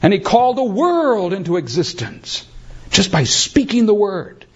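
A man preaching with a high, lively voice that climbs and falls with emphasis. He takes his time, letting lines land slowly and calling his listeners beloved. The recording is dull and lo-fi. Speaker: pastor. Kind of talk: sermon.

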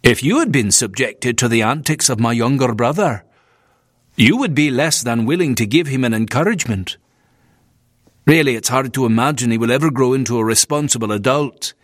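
A man's voice: medium pitch, lively intonation, fairly quick, no echo, studio quality, natural voice. A man reading as a fussy Scottish minister. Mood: disapproving. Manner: stiff, complaining, scornful of his brother. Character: nervous disapproving Scottish male minister.

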